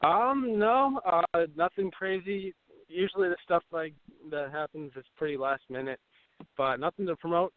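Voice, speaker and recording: A man appearing as a guest on a talk show, speaking in a relaxed, easygoing way. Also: a little high, moderate pace, no room sound. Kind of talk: casual interview. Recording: dry narrow phone line.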